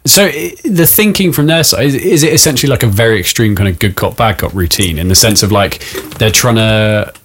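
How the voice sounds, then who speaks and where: A man's voice: fairly low pitch, fairly quick, few pauses, fairly bright tone, husky. A man interviewing a guest, reflecting back and asking probing questions.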